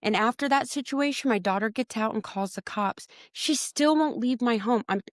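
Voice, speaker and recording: A woman tells a painful personal story as a podcast guest, her voice sitting a little high. She speaks with raw emotion, voicing her own past lines with force and stumbling over repeated words. The recording is close and dry, with no room sound. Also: normal speed, no echo. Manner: animated, acts out her own quotes with a raised voice.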